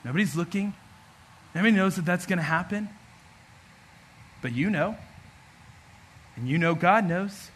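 A man voicing a sly male tempter who coaxes in a hushed tone during a sermon. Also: sits high, measured pace, pauses often, slight background noise. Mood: coaxing.

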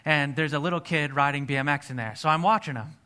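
A man's voice: a little high, fast talker, sharp tone. A man preaching a sermon, telling a personal testimony in an earnest storytelling way. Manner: earnest storytelling, acts out his own past dialogue.

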